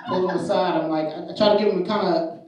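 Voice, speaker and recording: A man's voice: sits high, steady tone, fast talker, darkish tone, far from the mic, slight background noise. A man doing stand-up comedy, telling self-mocking stories in a loose way with plenty of fillers, live on stage. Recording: roomy live club, mic from afar. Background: audience laughter.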